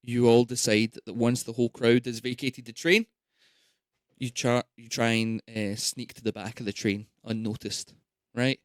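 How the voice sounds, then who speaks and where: A man's voice: medium pitch, little pitch movement, normal speed, dry recording, close to an everyday voice. A loyal male bodyguard speaks in short, clipped phrases, as a man puts him on. The sound is dry and close. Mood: urgent.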